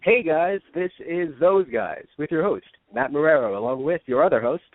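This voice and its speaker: A man's voice: on the high side, lively intonation, moderate pace, no room sound. A man co-hosting a casual radio podcast, chatting in a loose, rambling way. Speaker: podcast co-host. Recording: dry phone-line sound.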